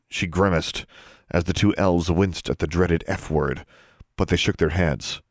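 A man narrating a story podcast with a steady, measured reading. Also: low voice, dry recording, clean studio sound. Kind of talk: audiobook narration.

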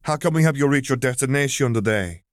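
A man voicing a cheerful young alien woman who greets people brightly. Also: mid-range voice, lively intonation, quick pace, dry recording, studio quality, pitched above the performer's own voice, close to an everyday voice. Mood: chipper. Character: chipper young Togruta woman, bubbly.

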